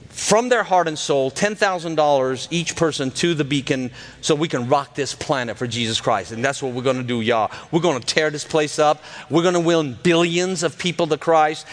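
A man in his thirties, a cardiologist and guest speaker at a church, telling an excitable testimony sermon, acting out dialogue and laughing mid-sentence. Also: fairly high pitch.

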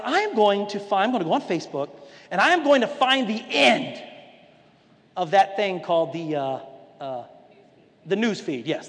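Male preacher, very high voice, lively storyteller; long hall reverb. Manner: animated storyteller acting out voices. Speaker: pastor. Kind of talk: sermon.

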